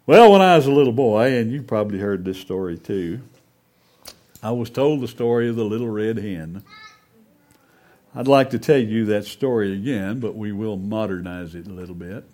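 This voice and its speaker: A man's voice: on the low side, normal speed, dark tone. A man preaching a sermon, telling a fable in a folksy, emphatic way before making his points.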